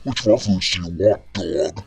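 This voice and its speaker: A man's voice: low-pitched, normal speed, vocal fry, a little mellow, breathy edge, soft background music, exaggerated voice. A man voicing a hungry, dopey wolf pack through a voice changer, talking in laid-back goofy slang. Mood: smug.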